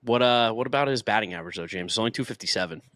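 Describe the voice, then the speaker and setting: A young man, co-hosting a podcast and reacting with animated emphasis. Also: fairly low pitch, racing, no echo. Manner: animated, swings between emphatic and dry. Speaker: podcast co-host. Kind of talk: casual sports talk.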